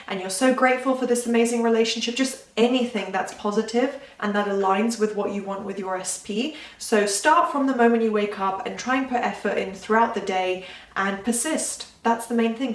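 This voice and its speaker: Young woman coaching her viewers, earnest and emphatic, a bit far off the mic in an echoey room. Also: medium pitch. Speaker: manifestation coach. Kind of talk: casual talk to camera. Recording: roomy, slightly distant mic.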